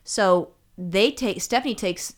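A woman's voice: mid-range voice, unhurried. A woman co-hosting a casual chat, telling blunt, profane stories with lots of restarts. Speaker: podcast co-host.

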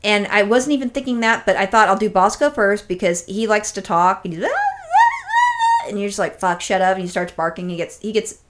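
A woman of middle pitch tells a winding story on a podcast, cursing casually and slipping into quick impressions of the people she met. Her delivery is chatty and animated, full of restarts and asides. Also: slight background noise. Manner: rambling, profane, animated storytelling with acted-out quotes. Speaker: podcast co-host.

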